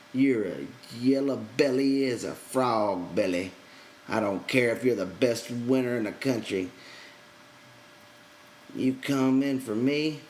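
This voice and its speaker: A man's voice: mid-range voice, a little hiss or hum, pitched above the performer's own voice, lightly acted, poor audio. A man voicing a blunt, contemptuous ranch hand who talks in scornful threats.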